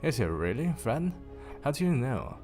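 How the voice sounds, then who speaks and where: A man's voice: mid-range voice, big pitch swings, moderate pace, a little mellow, soft background music, voice pushed up. A man reading aloud and voicing an eager, pleading little girl in a storybook.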